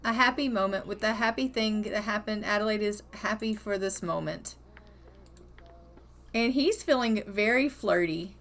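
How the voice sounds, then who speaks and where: A woman giving chatty, cheerful commentary over a life-sim game, narrating what her characters do. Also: medium pitch. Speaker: gaming video host. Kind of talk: casual gameplay commentary.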